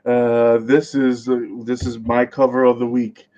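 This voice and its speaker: Male podcast co-host, mid-pitch, laughs through a comics rundown, slightly muffled lo-fi mic. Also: flat delivery, unhurried, crowd noise. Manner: stumbles over names, laughs often. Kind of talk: casual podcast chat.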